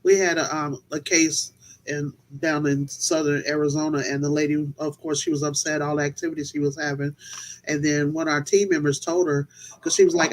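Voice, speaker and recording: A woman's voice: deep voice, steady tone, moderate pace, low-quality recording. A woman hosting a casual interview show, chatty and storytelling, easy to laugh. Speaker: podcast host.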